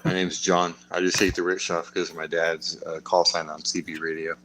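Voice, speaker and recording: A man's voice: deep voice, level tone, a little fast, a bit bright, slight background noise, rough recording. A man chatting with friends on a live stream, blunt and matter-of-fact. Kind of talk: casual chat on a live stream.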